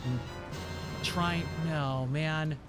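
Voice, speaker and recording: A tired, hoarse man chatting casually while live-streaming a game, rambling and repeating words. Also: on the high side, steady tone, very slow, music in the background.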